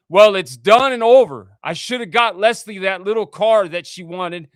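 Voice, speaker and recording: Expressive and sitting high, this man's voice moves at a moderate pace with a clean tone, captured in clean studio sound without echo. He hosts a livestream, reading texts out and ranting indignantly with plenty of profanity in a casual rant.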